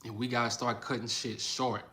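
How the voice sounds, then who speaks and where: Man, livestream host, blunt and repetitive, bright tense voice. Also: mid-range voice, normal speed, a little hiss or hum. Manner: blunt, animated, repeats phrases for emphasis. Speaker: livestream host reading chat. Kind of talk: casual livestream commentary.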